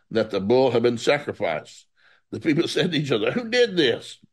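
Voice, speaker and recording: A man preaching through a Bible passage, reading it aloud and breaking off into folksy asides. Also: lowish voice.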